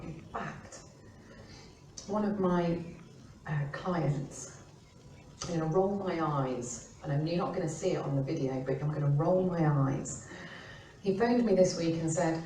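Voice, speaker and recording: A middle-aged woman from the UK, an employment law expert talking informally and acting out quoted remarks in lively voices. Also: sits low, normal speed, slight background noise. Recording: roomy, distant mic with faint ambience.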